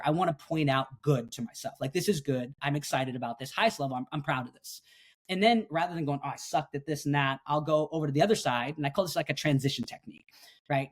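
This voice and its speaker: A middle-aged man, a coach and speaker, explaining his daily habits in a podcast interview, earnest and energetic, acting out his own inner dialogue. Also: on the high side.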